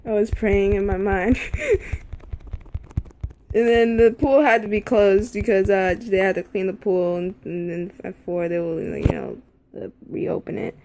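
A woman's voice: medium pitch, steady tone, a little slow, warm tone, slight background noise. A young woman telling a casual story, rambling with lots of fillers and swearing.

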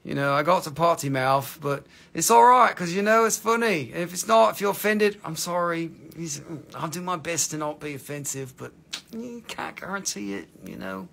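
A man's voice: on the high side, very animated, normal speed, vocal fry, fairly bright tone, a little hiss or hum. A man with an Appalachian accent hosting a casual livestream to sell minerals, joking around and rambling with lots of "you know". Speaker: livestream host selling minerals.

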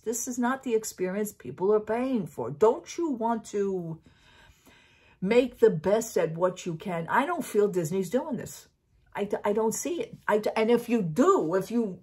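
A woman's voice: sits low, slightly rough. A middle-aged woman vlogging in a casual, chatty way, opinionated and full of fillers and restarts. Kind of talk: casual chat.

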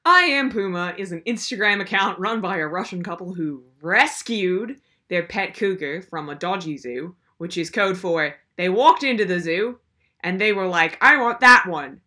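A woman's voice: on the low side, normal speed, bright, forceful tone. A young woman hosting a comedic commentary video, ranting in a sarcastic, exasperated way. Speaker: video host.

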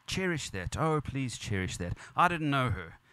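A man's voice: medium pitch, sing-song, normal speed, sharp tone, clear, resonant tone, dry recording. A man preaching at a funeral as pastor, earnest and repetitive, building emphasis. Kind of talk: funeral sermon. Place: church or funeral venue.

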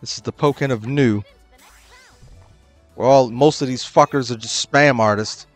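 A young adult man commenting on his own ranked matches, swearing often and breaking into loud, exasperated outbursts. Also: medium pitch, normal speed, faint music behind. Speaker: gaming channel host.

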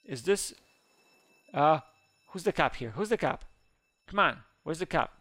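A man hosting a gaming video, chattering excitedly through live gameplay commentary with small slips in his English. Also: on the high side, measured pace, dry recording. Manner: excitable, narrates his own actions, squeals when scared.

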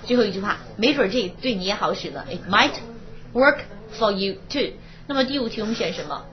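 Lady teaching english class in mandarin, reads the english bits slow, dull old recording. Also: mid-range voice, expressive, a little hiss or hum. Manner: explains in Mandarin, reads English lines slowly. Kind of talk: classroom lecture.

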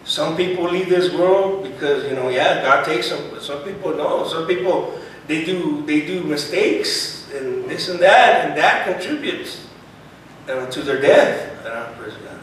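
A man with a somewhat high voice preaches a sermon from a distance in a very echoey room. He peppers his talk with Spanish phrases, "hermano" and "praise God," and his voice swells when he reads scripture aloud. A faint low rumble sits under the recording. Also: expressive, measured pace, fairly bright tone. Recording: very echoey room, voice far from mic.

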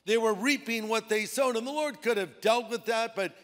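Male pastor, high voice, casual storytelling sermon in a reverberant auditorium. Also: moderate pace, a bit bright. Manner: conversational preaching with playful put-on voices. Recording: long hall reverb.

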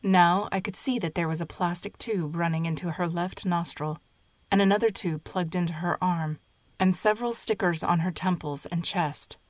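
Low, measured woman narrator. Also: no room sound. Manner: measured, even storytelling. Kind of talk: scripted narration of a short story.

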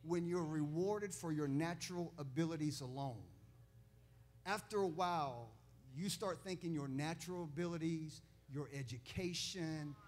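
Male pastor, high pitch, storytelling sermon that climbs to shouted emphasis. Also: normal speed. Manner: storytelling with laughs, rising to loud preaching.

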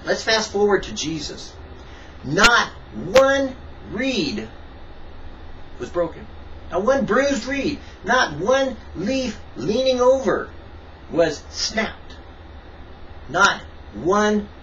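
A man preaching a devotional message with a lively, sharply rising pitch and emphatic delivery. He sounds set back from the mic. The recording is dull with a faint hiss behind him. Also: distant mic. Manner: emphatic, with sudden rises and quiet asides. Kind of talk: devotional sermon.

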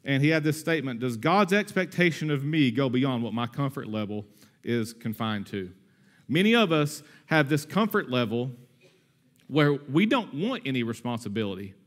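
A man in his thirties preaching a sermon in a conversational, energetic way, with asides and humor. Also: medium pitch, normal speed. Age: 30s. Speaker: pastor.

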